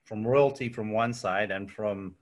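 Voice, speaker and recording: A man's voice: on the low side, unhurried. A South African man in a casual interview, telling stories with lots of "yeah" and "um". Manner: relaxed storytelling with frequent fillers and "yeah". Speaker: interview guest. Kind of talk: casual chat.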